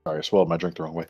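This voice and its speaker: A man's voice: deep voice, breathy edge. A man chatting casually as a player in a tabletop game, laid-back and joking. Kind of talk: casual chat.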